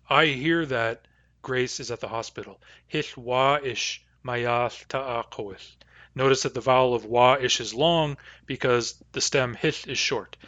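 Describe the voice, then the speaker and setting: A man giving a recorded language lesson, pronouncing example phrases slowly and carefully. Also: mid-range voice, a bit bright, no room sound, lo-fi sound. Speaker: language teacher.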